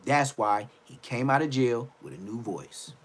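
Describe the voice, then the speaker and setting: A young man ranting on a livestream, loud and mocking, repeating phrases and stammering. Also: medium pitch, lively intonation, unhurried, slightly rough. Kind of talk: trash-talking rant on a livestream.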